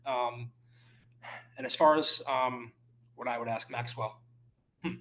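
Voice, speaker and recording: A man speaking as a guest journalist in a podcast interview. His voice sits at an ordinary middle pitch. He talks in a halting, careful way, often restarting phrases and filling pauses. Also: fairly even intonation, fairly bright tone, a little hiss or hum. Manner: halting, many restarts and fillers. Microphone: remote call.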